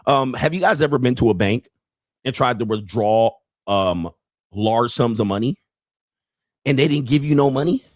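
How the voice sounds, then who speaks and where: A man hosting a crude, comedic livestream commentary show, profane and quick to laugh. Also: medium pitch, dry recording, clean studio sound. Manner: animated, profane, laughs often. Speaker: host and dating coach.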